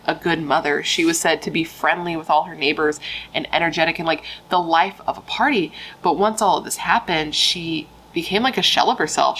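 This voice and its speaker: Chatty, low-voiced woman telling true crime. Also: a bit bright, slight background noise, low-quality recording. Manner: frank and chatty, swears freely, many fillers. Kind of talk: casual true-crime storytelling.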